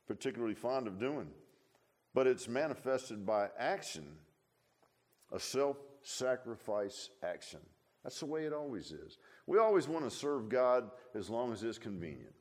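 A man's voice: medium pitch, darkish tone. A middle-aged man preaching a sermon in a folksy, conversational way, full of asides to the congregation. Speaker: pastor.

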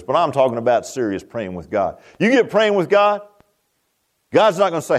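A man preaching a Baptist sermon in a folksy, animated way, often stammering and restarting. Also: a little high, brisk. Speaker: Baptist pastor.

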